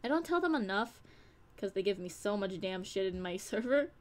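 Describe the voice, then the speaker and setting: A young woman chatting frankly on a live stream, at an ordinary mid pitch for a woman. She rambles from thought to thought and curses casually, as if talking to friends in her community. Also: animated, moderate pace, darkish tone. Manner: candid, rambling, swears casually. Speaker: streamer and audio creator.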